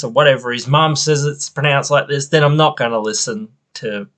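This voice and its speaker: A man hosts his own podcast, talking in a loose, rambling rant. He sounds frustrated and a little fed up, and his voice sits at an ordinary middle pitch. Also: moderate pace, fairly bright tone. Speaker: podcast host. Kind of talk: casual opinion podcast.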